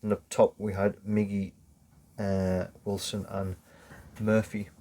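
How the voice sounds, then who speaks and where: A man's voice: on the low side, flat delivery, slow, mellow. A man co-hosting a casual football podcast, explaining things step by step and swearing casually. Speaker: podcast co-host.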